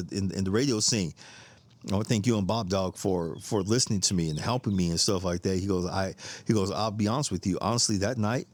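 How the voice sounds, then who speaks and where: A middle-aged man with a lowish voice, hosting a podcast and telling stories in a loose, rambling way. He repeats himself as he goes, laughs easily, and swears casually. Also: no echo. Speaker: podcast host. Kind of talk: casual storytelling monologue.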